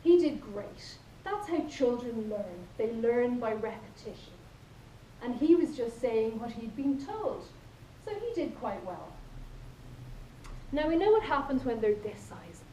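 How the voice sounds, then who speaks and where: A woman's voice: fairly high pitch, big pitch swings, unhurried, dark tone, slight background noise. A woman with an Irish accent giving a humorous contest speech, telling playful stories and acting out quoted lines. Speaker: contest speaker. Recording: echoey hall from far off.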